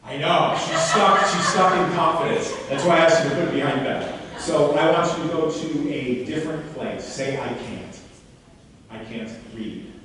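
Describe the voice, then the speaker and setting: A man leads a live seminar, coaching a volunteer in front of the audience with quick, animated questions. His voice rings with long echo through a large hall and comes from some distance off the mic. A faint hum sits behind him. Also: fairly high pitch. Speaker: seminar speaker. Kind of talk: live workshop demonstration with a volunteer. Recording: echoey hall, mic far off.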